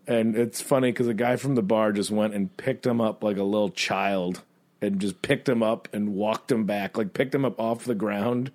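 A man co-hosting a podcast in casual chat, telling a rambling bar story and mimicking people in high squeaky voices. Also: a little mellow. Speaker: podcast co-host.

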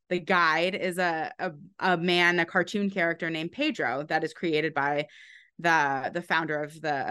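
A woman historian speaks in a fairly low voice, working through her explanation with many fillers and quick restarts. She laughs lightly now and then as she talks about her book in an unscripted podcast interview. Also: fairly bright tone. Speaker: author and historian.

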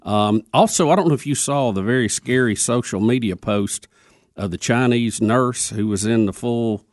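A man's voice: mid-range voice, normal speed, darkish tone, dry recording. A man co-hosting a radio show in a studio, passing on news in an earnest, concerned way into a studio microphone. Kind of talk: casual morning radio banter.

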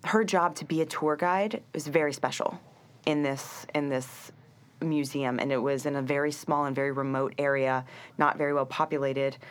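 A woman's voice: a bass voice, steady tone, moderate pace. An American woman, a guest on a talk show, chatting casually and telling a travel story. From United States. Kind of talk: casual chat.

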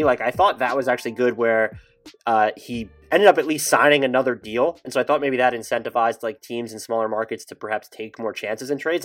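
A man co-hosting a casual basketball podcast, thoughtful and hedging as he reasons aloud. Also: mid-range voice. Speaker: podcast co-host.

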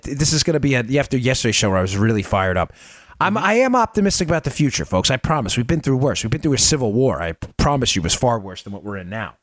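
A man's voice: medium pitch, no echo, clean studio sound. A man hosting a political commentary podcast, a former federal agent, talking in an emphatic, punchy way with rhetorical questions.

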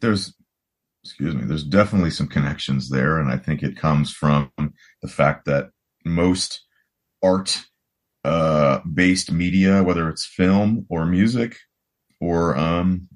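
With an extremely low voice, taking his time, a rock guitarist in his forties from the US chats as a podcast guest. His speech wanders casually, peppered with "you know" and frequent restarts.

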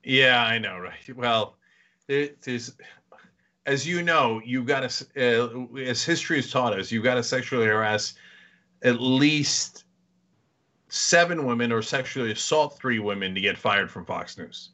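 A man's voice: medium pitch, unhurried, sharp tone. A middle-aged man hosting a podcast, joking and chuckling often in casual chat. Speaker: podcast host. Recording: dull lo-fi recording.

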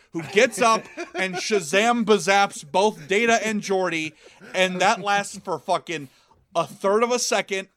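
A man on a podcast, casually and profanely recapping a TV episode with sarcastic jokes and quick quoted lines. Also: high-pitched, bright, forceful tone, dry recording, studio quality. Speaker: podcast co-host.

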